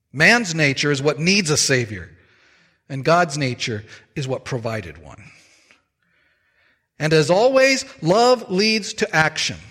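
Male preacher, fairly high voice, unhurried and emphatic, long hall reverb. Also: fairly bright tone. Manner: measured, emphatic preaching with slow stressed phrases. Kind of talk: sermon.

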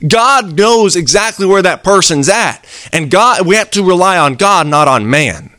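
A man delivers an earnest, conversational sermon, his voice a touch higher than most and full of swings in pitch. The sound is dry and close, with little room around it. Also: expressive, takes it slowly, sharp tone, no echo. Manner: earnest, conversational preaching with acted-out quotes. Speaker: preacher.

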